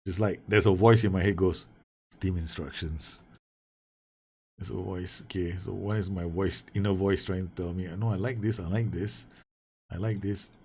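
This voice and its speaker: A low-pitched man with a husky, slightly rough voice, commenting casually on a football management game. He talks straight to his players, swears freely and jumps from mutters to excited yells as chances come and go. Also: normal speed. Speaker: gaming YouTuber. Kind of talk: casual Let's Play commentary.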